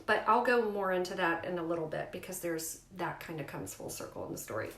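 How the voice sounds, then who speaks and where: A woman's voice: lowish voice, fairly quick, gravelly. Emphatic woman telling her story, echoey room. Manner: emphatic, animated retellings with rising outbursts. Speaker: mother sharing a family health story. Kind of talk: candid personal storytelling to camera.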